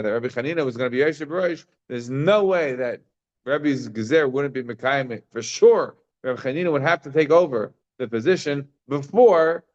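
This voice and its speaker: A man teaching a Talmud class in an informal, chatty way, stopping and restarting as he works through the text. His voice sits at a middle pitch. The recording is a little dull and lo-fi. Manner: informal, explaining with frequent fillers and restarts.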